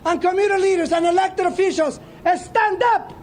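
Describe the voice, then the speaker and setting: A man giving a shouted, rousing rally speech, played as a clip. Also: very high voice, fairly even intonation, a little fast, slight background noise. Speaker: rally speaker.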